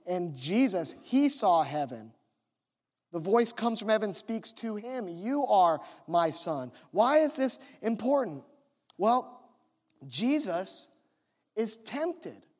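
A man preaching a sermon, teaching in a measured way, reading scripture slowly and stressing key words. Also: high-pitched.

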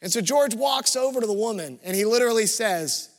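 A man preaching a sermon as pastor, telling stories in a lively way. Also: sits high, a little fast, hardly any pauses, long reverb tail.

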